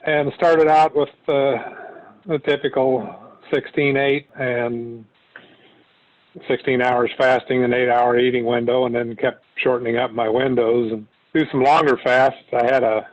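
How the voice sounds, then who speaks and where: Over a tinny phone-like connection, an interview guest recounts losing weight in a rambling, casual way full of fillers and restarts. He speaks a little slowly in a mid-range voice with little pitch movement.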